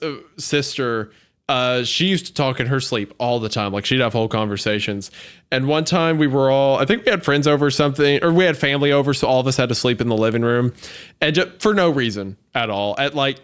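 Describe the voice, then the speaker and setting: A man's voice: medium pitch, a bit bright, clean tone. A man hosting a casual podcast, chatting with many fillers and restarts and laughing often while he reads a spooky story aloud. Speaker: podcast host reading a story. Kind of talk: casual chat and story reading.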